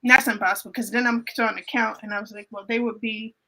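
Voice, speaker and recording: A woman telling an emotional personal faith story in a casual panel chat, animated and often repeating her phrases. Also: a little high, quick pace, poor audio. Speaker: guest on a livestream panel.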